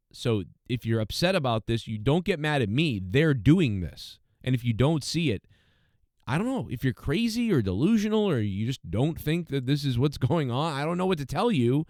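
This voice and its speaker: Smooth-voiced man ranting through a review. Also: mid-range voice, no echo, studio quality. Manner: ranting, exasperated, mocking quoted characters. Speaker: show reviewer. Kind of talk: casual review monologue.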